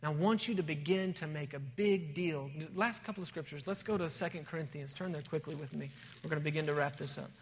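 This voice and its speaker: A man's voice: a little high, fast, hardly any pauses, in a large hall, a little hiss or hum. A male pastor preaching a sermon, telling a story and building to emphatic, rising points.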